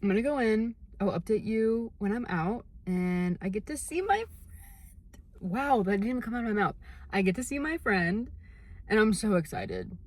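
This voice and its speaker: A young woman talks straight into her phone camera, bubbly and gushing, sprinkling in slang as she chats. Her pitch sits right in the middle for a woman. It is a casual, unscripted vlog. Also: lively intonation, moderate pace. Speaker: vlogger.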